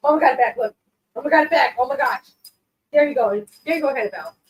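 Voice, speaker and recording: A woman's voice: high voice, a little hiss or hum, rough recording. A woman hosting a casual live stream who chats with viewers, laughs often and coos baby talk at her cats.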